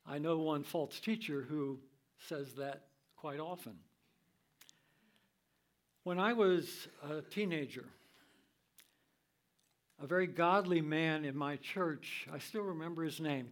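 An older man teaching from the Bible in a sermon style, reading scripture in a measured, deliberate way. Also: a little high.

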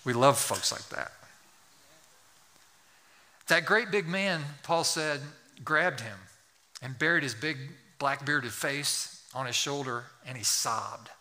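Bright-voiced male pastor preaching. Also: a little high, slow. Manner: storytelling, rising to fervent pleading. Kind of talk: sermon. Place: church sanctuary.

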